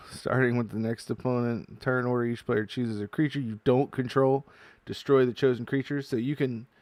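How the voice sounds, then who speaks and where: In a casual card-opening video, a man chats along, reads card text aloud and gets loudly excited at good pulls. His voice is medium-pitched at a normal speed, with no echo.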